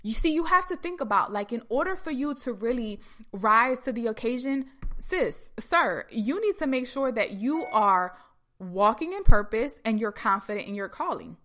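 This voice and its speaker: An energetic woman speaking as a motivational speaker, her voice pitched a little high. She talks emphatically and addresses her listeners directly. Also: moderate pace. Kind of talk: motivational talk.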